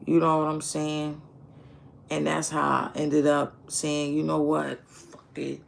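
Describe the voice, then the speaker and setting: A man's voice: a little high, monotone, slow pace, creaky. A man telling his own story in a candid, reflective way, swearing often and repeating phrases, with speech. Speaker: streamer. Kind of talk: casual personal storytelling.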